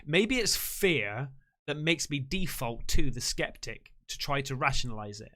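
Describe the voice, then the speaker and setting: Lively, excitable male stream host. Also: mid-range voice, unhurried. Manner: excitable, slangy, thanks viewers effusively. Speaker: livestream host. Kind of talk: casual live-stream chat.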